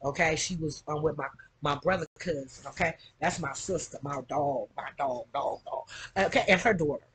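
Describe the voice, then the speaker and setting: A woman's voice: sits low, normal speed, a bit bright, husky, low-quality recording. A middle-aged woman chatting casually to her camera at home, rambling and tagging nearly every phrase with "okay?". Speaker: vlogger.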